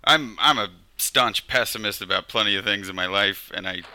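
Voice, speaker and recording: This man talks low but with a very bright, cutting edge. He rambles reflectively, restarting his thoughts as he chats. The recording is dry and close. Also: moderate pace, dry recording. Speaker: podcast co-host. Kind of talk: casual chat.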